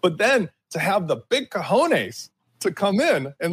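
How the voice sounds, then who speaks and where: A man's voice: high-pitched, sing-song, unhurried, a bit bright, slightly rough. A man co-hosting a casual panel discussion, opinionated and emphatic, stretching out his key words. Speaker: podcast co-host.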